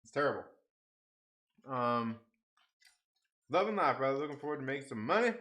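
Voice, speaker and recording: Lively, profane man hosting a stream. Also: medium pitch, normal speed. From half Mexican family. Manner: profane, laughing, talks to chat while eating. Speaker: live stream host. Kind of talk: casual late-night live chat, reading comments.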